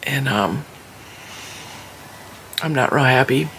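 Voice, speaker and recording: Bright-voiced chatty tired woman. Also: low-pitched, moderate pace, long pauses, slight background noise. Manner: chatty storyteller, laughs often. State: tired, yawning. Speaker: crochet vlogger. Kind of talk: casual chat to camera.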